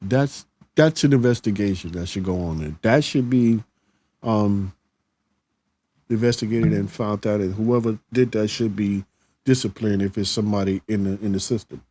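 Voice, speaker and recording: With a fairly low, dark voice at normal speed, a middle-aged host chats casually on a live stream. He reads out viewer comments plainly and conversationally, often starting over.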